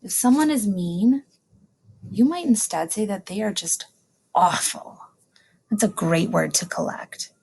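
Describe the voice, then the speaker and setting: A woman teacher giving a recorded lesson to young students, saying each new word slowly and clearly twice, with delighted exclamations. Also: mid-range voice, lively intonation, a little mellow. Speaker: elementary school teacher.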